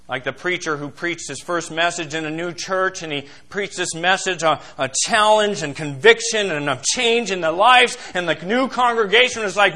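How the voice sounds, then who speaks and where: A male pastor preaching a sermon, emphatic and questioning, swinging from loud declarations to hushed asides. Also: sits high, expressive, moderate pace, hardly any pauses. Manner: addresses congregation as beloved, asks questions.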